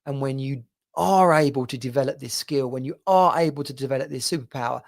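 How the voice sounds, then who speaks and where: A man's voice: medium pitch, a little fast, creaky. A man speaking in a middle-range voice, coaching his listeners through a motivational podcast monologue. His delivery is earnest and direct, and he speaks straight to them as a men's coach would.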